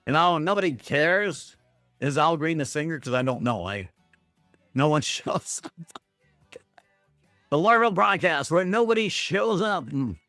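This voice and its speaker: A man's voice: a little high, lively intonation, unhurried, pauses often, sharp tone, no room sound, faint music behind. A man hosting a rambling livestream from Canada, talking to his chat in a sarcastic, self-mocking way with plenty of swearing. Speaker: livestream host.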